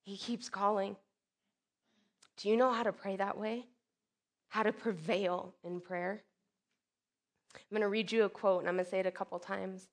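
A woman preaching a sermon, expressive, swinging from loud emphatic lines to soft hushed ones and acting out quoted speech. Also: mid-range voice, normal speed, pauses often. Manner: acts out quoted speech with sudden bursts.

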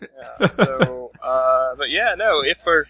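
A male podcast co-host rambles in a relaxed, hesitant way, with lots of restarts. His voice has a very bright, sharp edge. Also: medium pitch, slow. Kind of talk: casual banter with co-hosts.

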